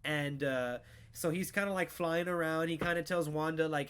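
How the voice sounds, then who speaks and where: A man hosting a podcast, recapping a TV show in an excitable, swearing, filler-heavy way. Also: fairly high pitch, normal speed, clear, resonant tone. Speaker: podcast host. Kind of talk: casual pop culture recap.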